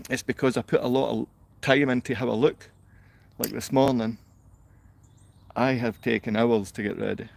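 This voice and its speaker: A man's voice: mid-range voice, creaky. A man livestreaming, reading comments from his chat aloud and answering them with a confrontational, insulting rant. He sounds downcast.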